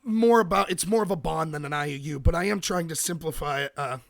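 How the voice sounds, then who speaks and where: A man's voice: fairly high pitch, quick pace, creaky. An American man hosting a political commentary show, ranting emphatically and answering his chat. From United States. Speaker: podcast host.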